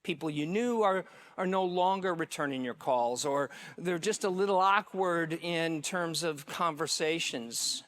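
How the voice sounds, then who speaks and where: A man, a care pastor, giving a welcome talk and telling a story into a microphone, halting with fillers and restarts. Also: fairly high pitch, a bit bright. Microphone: handheld microphone.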